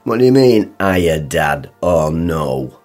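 A gruff northern dad, deep and slow. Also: male voice, big pitch swings, a little mellow, soft background music, full character voice. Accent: northern English. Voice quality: blunt, grumbling, dry teasing. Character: gruff sarcastic northern working-class dad. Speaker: father.

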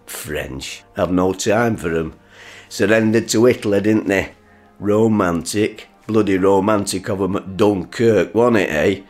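A blustering, foul-mouthed father, played by a man, his voice sitting very low and growling. He sneers at everything foreign and grumbles through every reply. Soft music plays faintly underneath. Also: measured pace, natural voice. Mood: ranting. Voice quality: gruff, sarcastic, swears freely. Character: grumpy, crude, blustering working-class father. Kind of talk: broadcast drama acting.

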